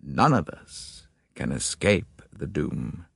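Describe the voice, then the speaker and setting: A man voicing a gloomy, fatalistic ailing nobleman who speaks slowly and gravely in an audiobook. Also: a bass voice, sing-song, no echo, clean studio sound, pitched below the performer's own voice, exaggerated voice. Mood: resigned. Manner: slow, resigned, grave.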